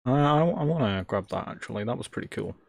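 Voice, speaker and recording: Male streamer, mid-pitched, dry close sound, exasperated jokey self-talk with swearing. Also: animated, vocal fry, no room sound. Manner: exasperated, muttering at a slow computer. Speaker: Linux livestreamer.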